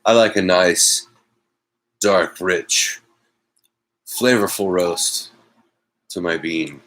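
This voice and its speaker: Slow, low-voiced man chatting casually. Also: a bit bright, poor audio. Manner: rambling, wry, self-mocking. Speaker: host. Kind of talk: casual political chat. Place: at home.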